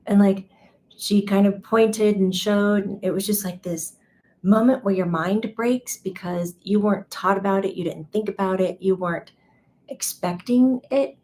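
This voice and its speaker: A woman medium telling a story in a chatty, animated way, acting out quoted dialogue. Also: mid-range voice, normal speed, slight background noise. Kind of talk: casual spoken storytelling.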